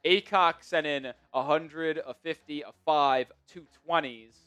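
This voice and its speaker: Excitable new york sports host, bright voice. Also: male voice, on the high side, unhurried, smooth, soft background music. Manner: excitable, swings from mumbling to shouting. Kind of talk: live sports stream chat.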